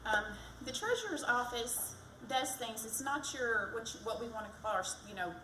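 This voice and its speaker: At a community event held by the fire department, a woman makes a chatty, self-deprecating pitch for county treasurer. She sounds a little high and animated, speaking at a moderate pace. Audio is echoey and picked up from afar, with noise behind her.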